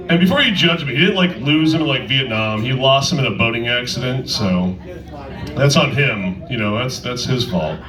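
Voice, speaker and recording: A man's voice: medium pitch, expressive, fairly quick, reverberant, recorded from a distance, a crowd in the background, rough recording. A man doing a stand-up set in a comedy club, with a crude, rambling, self-interrupting delivery.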